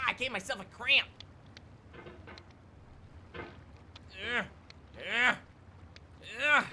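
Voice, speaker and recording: Man, gaming commentary, very high voice, bright sharp tone, frantic yelling, strained voice, desk mic. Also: extremely slow, long pauses, slight background noise. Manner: frantic, yelling, cursing, groaning at failures. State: voice strained from screaming. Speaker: gaming YouTuber. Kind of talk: frustrated let's-play commentary. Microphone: desk microphone.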